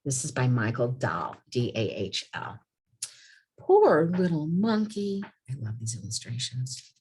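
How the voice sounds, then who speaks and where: Husky low-voiced woman, lively teacher. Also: normal speed. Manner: animated storybook reading, sing-song. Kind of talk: volunteer workshop, reading picture books aloud.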